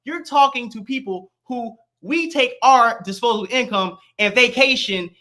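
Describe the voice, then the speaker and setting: A livestream host arguing loudly in a profane, combative way and talking over the other person on a stream mic. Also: medium pitch, normal speed. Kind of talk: heated online debate.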